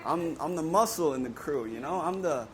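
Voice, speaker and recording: A man's voice: a little high, expressive, moderate pace, a bit bright, slight background noise. A man in casual vlog chat, upbeat and joking with slangy talk, filming himself on a handheld camera. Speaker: flight attendant vlogger. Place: airports, planes and streets, indoors and outdoors. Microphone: handheld camera mic.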